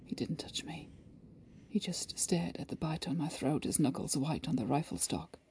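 A woman narrating an erotic story in a slow, breathy way, often sinking into hushed whispers. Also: sits low, poor audio. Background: background music.

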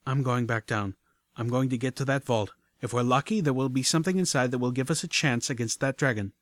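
A man's voice: medium pitch, brisk, dry recording, close to an everyday voice. A man reading an audiobook voices a determined young female pony, urgent and breathless.

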